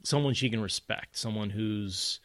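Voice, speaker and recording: A man's voice: lowish voice, normal speed, fairly bright tone, no echo. A man co-hosting a podcast, talking through a fantasy novel in casual chat and mocking the characters in put-on voices. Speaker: podcast co-host. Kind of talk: casual book discussion.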